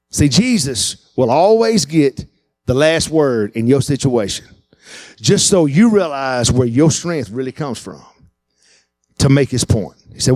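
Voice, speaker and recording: A man preaching a sermon, animated and acting out the voices he quotes. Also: medium pitch, measured pace, no echo. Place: church.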